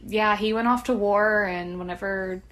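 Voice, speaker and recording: A woman's voice: medium pitch, fairly even intonation, normal speed, a bit bright. A young woman with a slight lisp, telling a story in casual, profane podcast chat. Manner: chatty, profane, laughs often. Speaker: podcast co-host.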